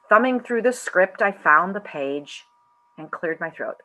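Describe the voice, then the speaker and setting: Bright, slow-reading woman storyteller. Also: lowish voice. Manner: expressive, animated storytelling. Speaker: story reader. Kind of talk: reading a first-person holiday story aloud.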